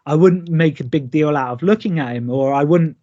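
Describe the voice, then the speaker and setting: A man's voice: fairly high pitch, brisk. A man in his thirties, a pro wrestler, telling stories in a remote interview and acting out the lines he quotes. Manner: lively, acts out quoted lines. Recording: dull lo-fi call audio.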